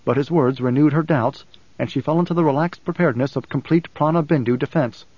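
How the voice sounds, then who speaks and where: A man reading a novel aloud in steady, even audiobook narration on a close mic. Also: on the high side, fairly quick, slightly rough, dry recording. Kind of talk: scripted narration. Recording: slightly dull dry studio recording.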